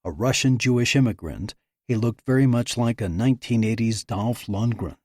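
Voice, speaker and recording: A man narrating an audiobook thriller in an even, measured reading. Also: medium pitch, dry recording, clean studio sound. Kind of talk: scripted narration.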